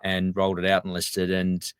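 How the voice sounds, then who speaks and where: A man's voice: low voice, monotone, normal speed, clean tone, no echo, clean studio sound. A podcast host in his fifties telling a story in casual conversation, rambling and hesitant with many ums. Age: 50s.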